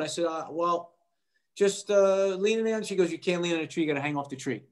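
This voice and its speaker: A middle-aged man tells a story as an interview guest, fairly high for a man's voice. He is animated and brings the people in his story to life by acting out their lines. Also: fast talker. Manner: animated, acts out quoted voices. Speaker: actor guest.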